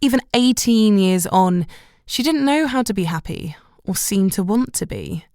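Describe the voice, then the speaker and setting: A woman narrating a romantic comedy audiobook in the first person, wry and measured. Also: medium pitch, animated, dark tone, no room sound, studio quality.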